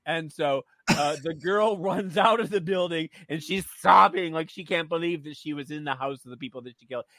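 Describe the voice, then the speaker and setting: Man, co-host on talk radio, lively recapper, slightly high pitch. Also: fairly quick, dry recording, studio quality. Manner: animated, acts out dialogue in shrill voices when retelling scenes; chatty, with frequent restarts and stammers. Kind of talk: casual chat reviewing a TV series.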